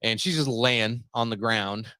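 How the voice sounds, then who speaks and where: A man's voice: fairly low pitch, measured pace, pushed and bright, dry recording. A man hosting a podcast, telling a long story in a casual, rambling, profane way and laughing at his own jokes. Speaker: podcast host.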